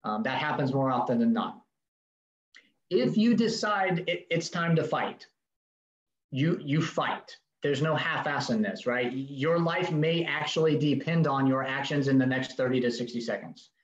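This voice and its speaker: A man's voice: medium pitch, expressive, unhurried. A man teaching a safety seminar in a direct, emphatic way, acting out short exchanges. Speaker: safety instructor. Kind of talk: recorded training seminar. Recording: dull roomy recording.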